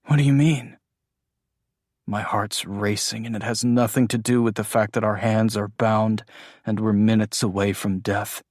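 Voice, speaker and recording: A man's voice: fairly low pitch, flat delivery, normal speed, no room sound, clean studio sound. A man narrating a first-person audiobook in an intimate, emotional storytelling manner.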